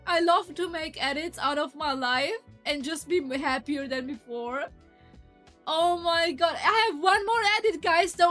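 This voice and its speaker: Excitable high-voiced woman streamer. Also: moderate pace, soft background music. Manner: excitable, breaks into high squeals. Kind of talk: casual stream chat over her recap edit.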